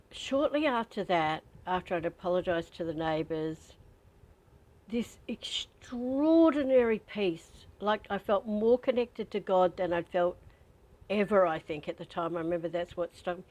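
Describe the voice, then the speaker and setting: A woman guides a spiritual training session. Her voice sits a little low, and she talks candidly and conversationally, weaving personal stories between gentle prompts to breathe. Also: low-quality recording. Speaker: spiritual teacher.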